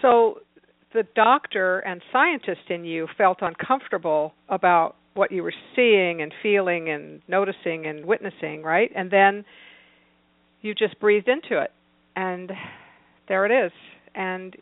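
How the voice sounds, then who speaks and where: A woman's voice: lowish voice, a little slow, dry recording. Woman host asking follow-ups, dead dry sound, phone line quality. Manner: engaged, asks follow-up questions. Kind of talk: interview chat.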